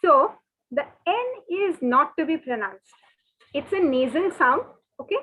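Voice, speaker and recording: A woman teaching French in an online lesson, patiently repeating each word slowly and often. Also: high-pitched, lively intonation, fairly bright tone. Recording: thin phone-like webinar audio.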